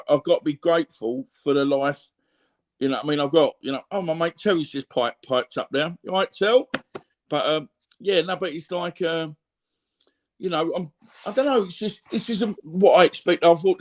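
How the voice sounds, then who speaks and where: A man's voice: a little high, a little mellow. A middle-aged man with a Cockney accent talking candidly as an interview guest, rambling and tagging on "you know what I mean" asides. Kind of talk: candid reflective conversation.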